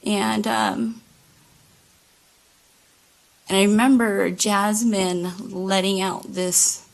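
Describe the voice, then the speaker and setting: Slow gravelly-voiced woman testifying. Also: mid-range voice, level tone, rough recording. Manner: halting, many fillers and restarts. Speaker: trial witness. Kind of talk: courtroom testimony. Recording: courtroom microphone.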